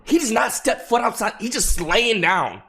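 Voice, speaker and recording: Animated and a little creaky, a young streamer rambles through a story for his chat. He curses freely, keeps restarting mid-thought, and moves between low, quiet stretches and loud, high bursts.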